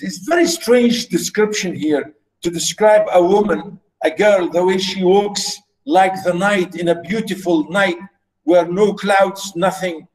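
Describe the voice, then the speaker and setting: Slow-speaking male poetry lecturer. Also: high voice, low-quality recording. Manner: slow, with frequent repetitions and fillers; reads verse aloud slowly and softly.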